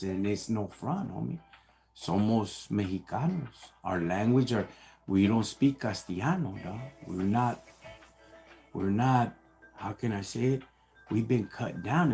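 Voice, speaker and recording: A man's voice: fairly low pitch, darkish tone. A man raised in the United States, hosting a casual livestream and answering viewer questions in laid-back street slang, calling everyone homie and dog.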